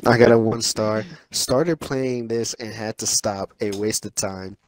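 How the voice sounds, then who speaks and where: A man reading game reviews aloud with a friend over voice chat, deadpan and profane. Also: on the low side, measured pace, dry recording, poor audio. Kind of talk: casual voice-chat banter. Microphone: voice chat mic.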